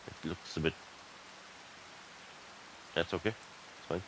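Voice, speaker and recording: An Irish man giving casual, excitable gameplay commentary and chatting to his viewers as "lads". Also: deep voice, slow pace, background noise. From Ireland. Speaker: gaming YouTuber.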